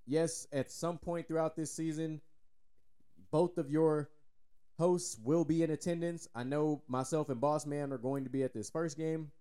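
Texan guy cohosting a sports podcast, kinda high voice, loose and jokey, swears a lot. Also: fairly even intonation, measured pace, dark tone, clear, resonant tone. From Texas. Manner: loose, joking, swears freely. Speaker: podcast co-host. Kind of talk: casual podcast chat.

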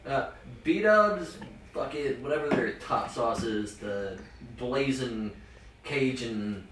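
A man's voice: mid-range voice, expressive, takes it slowly, reverberant, far from the mic, background noise. A man co-hosting a casual podcast, rambling and swearing as he chats and laughs easily. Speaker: podcast co-host. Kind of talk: casual drunk podcast chat.

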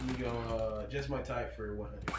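A man's voice: medium pitch, brisk, over music. A young man competing in a casual podcast quiz game, trash-talking his friends with lots of profanity. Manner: profane, excitable trash talk. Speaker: contestant.

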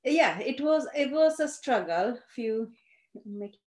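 A woman, a Gujarati speaker who tells her life story haltingly, with many fillers and restarts. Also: a little high, animated, a little mellow. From India (Gujarat). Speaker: interviewee. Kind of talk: personal storytelling. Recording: roomy echo.

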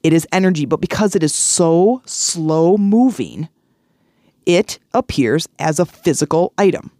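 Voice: mid-range voice, expressive, a little slow, mellow, dry recording. A middle-aged podcast host talks in a casual, earnest way and keeps circling back with repeated phrases and restarts. The voice sits mid-range and sounds close on the mic, with a dry, dead sound and no room around it. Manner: earnest, repetitive, chatty, with fillers and restarts. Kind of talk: casual motivational talk with personal stories.

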